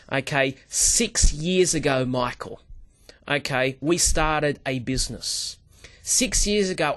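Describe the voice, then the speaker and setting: A man, a sales trainer appearing as a guest, who tells stories in an animated way, acts out dialogue and keeps addressing the host by name. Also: on the high side. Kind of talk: animated interview talk.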